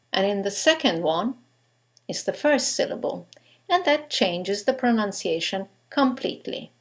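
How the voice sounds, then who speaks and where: A woman's voice: mid-range voice, creaky. A woman giving a scripted English pronunciation lesson, stressing each example word with care. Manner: slow, deliberate, stresses example words. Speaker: English teacher.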